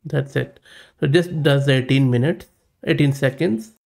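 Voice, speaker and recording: A man's voice: mid-range voice, normal speed, creaky, a little mellow. A man hosting a tech tutorial, explaining a demo casually and thinking aloud. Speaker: tech channel host.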